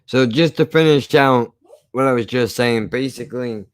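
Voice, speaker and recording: A man's voice: medium pitch, moderate pace, clear, resonant tone, dry recording. A man streaming live, ranting casually in a rambling, profane way with frequent restarts.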